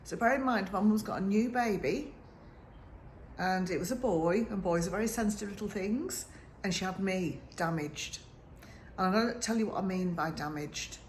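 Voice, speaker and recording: A woman in her fifties from the north of England, a sleep consultant telling a personal story in an earnest, halting way that turns emotional. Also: medium pitch, slight background noise. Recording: roomy echo with faint ambience.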